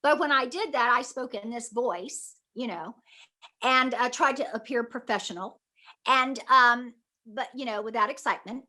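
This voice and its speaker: A woman actress from Mississippi, telling animated stories in a casual interview and laughing often. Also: on the high side, normal speed. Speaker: guest actress.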